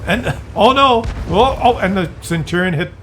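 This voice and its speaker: A man's voice: high-pitched, expressive, normal speed, background noise. A man giving exasperated, incredulous commentary over a game replay. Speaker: gameplay commentator.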